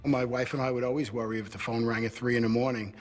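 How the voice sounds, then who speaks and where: A man's voice: mid-range voice, little pitch movement, fast. A man reflectively recounting memories in an interview. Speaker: interviewee, family friend. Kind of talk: casual recollection. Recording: interview with music behind.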